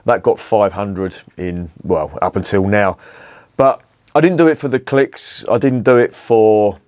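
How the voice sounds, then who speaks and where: A man's voice: fairly low pitch, measured pace, darkish tone, no room sound. A middle-aged man with a London accent, chatting casually and bluntly on a beer review vlog, rambling and swearing at home.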